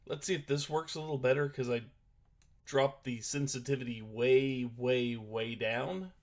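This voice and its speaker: A man's voice: medium pitch, unhurried, darkish tone. A man on a casual gaming stream, explaining the rules of a board game while setting it up at his computer, talking hesitantly as he thinks aloud. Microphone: desk microphone at a computer.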